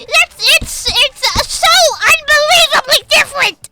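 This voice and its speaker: Very high-voiced blunt woman streamer. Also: expressive, unhurried, pushed and bright. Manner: blunt, profane, rambling. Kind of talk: casual stream chat. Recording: game music behind.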